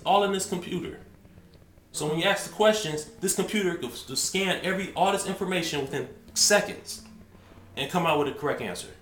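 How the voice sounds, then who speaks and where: A man's voice: a little high, a bit bright, roomy sound. A man talking to camera in a rambling, emphatic way, often restarting his sentences. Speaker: vlogger. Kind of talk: casual monologue to camera.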